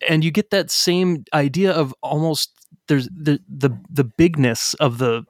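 A man's voice: a little high, measured pace, dry recording, clean studio sound. A man co-hosting a podcast who talks animatedly about a film in casual chat and laughs at his own jokes. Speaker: podcast co-host.

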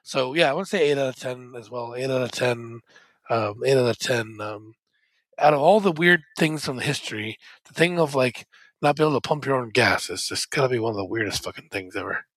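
A man's voice: mid-range voice, brisk, fairly bright tone, no echo. Rambling casual man, dry close sound. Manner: rambling, many fillers and restarts. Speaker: podcast co-host. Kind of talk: casual chat.

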